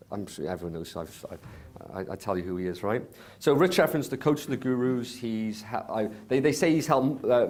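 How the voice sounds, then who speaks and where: A man hosting a live workshop, telling a story to a room of attendees in an animated way, swearing and acting out what others said. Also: medium pitch. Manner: animated, swearing, acts out quotes. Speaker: workshop host. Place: conference room with audience.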